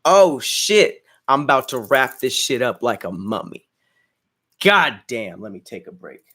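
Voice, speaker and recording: Young male podcast host, casual and crude, brags through freestyle bars, mid pitch. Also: sing-song, measured pace, sharp tone, husky. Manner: crude, boastful and joking, laughs at himself. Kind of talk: casual livestream chat and freestyle rap.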